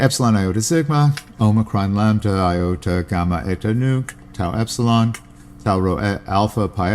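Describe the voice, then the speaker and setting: A low-pitched man hosts a podcast, reading from a classical text with plainspoken asides and spelling each Greek word letter by letter. A little hiss or hum runs under the audio.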